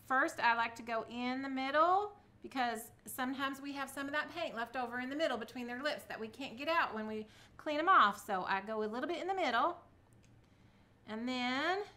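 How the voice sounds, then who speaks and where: Speaking at a moderate pace in a high, sharp-toned voice, a middle-aged woman walks viewers through a casual craft project. As a craft vlogger, she keeps up a chatty stream of talk and gives herself little pep talks while working.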